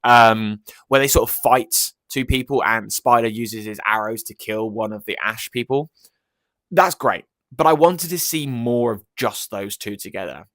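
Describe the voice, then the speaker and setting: Male film reviewer, mid-pitched, eager and chatty, dry close sound. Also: measured pace, fairly bright tone, dry recording. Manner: enthusiastic, rambling, many fillers. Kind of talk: casual film review vlog.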